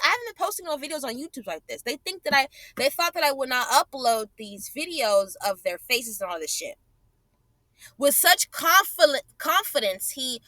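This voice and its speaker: A woman's voice: sits high, sharp tone, dry recording. A woman vlogger angrily commenting over her own clips, profane and repeating herself for emphasis. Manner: indignant, profane, repeats phrases.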